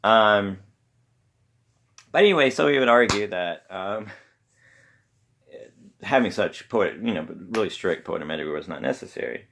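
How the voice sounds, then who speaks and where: Male podcast host, very low and gravelly, rambles through a casual talk at home. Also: animated, a bit bright, a little hiss or hum. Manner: rambling, halting with many pauses. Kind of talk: casual solo talk on poetry. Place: home room with pets around.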